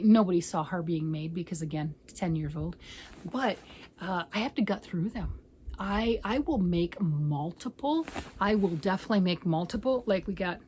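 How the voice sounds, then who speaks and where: A woman's voice: fairly low pitch, a little mellow, a little hiss or hum, poor audio. A middle-aged woman hosting her crochet channel, chatting casually to camera in a rambling, self-mocking way.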